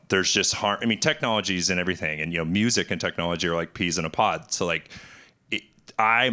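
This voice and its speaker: Animated, slightly low-voiced man telling stories. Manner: animated storyteller, acts out quotes in a raised voice. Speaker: festival organizer on a panel. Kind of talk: casual panel storytelling.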